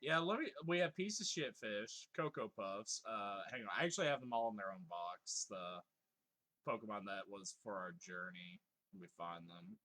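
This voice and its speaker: A man's voice: fairly low pitch, lively intonation, normal speed, bright, forceful tone. A man casually commenting on his gameplay and reading chat aloud, swearing freely, laughing often and joking in mock exasperation. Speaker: live streamer.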